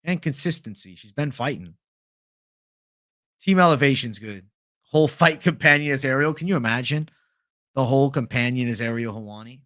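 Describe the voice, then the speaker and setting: A man with an American accent hosting a casual livestream, relaxed and joking as he reads the chat aloud. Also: mid-range voice, moderate pace, pauses often, no echo. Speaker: livestream host.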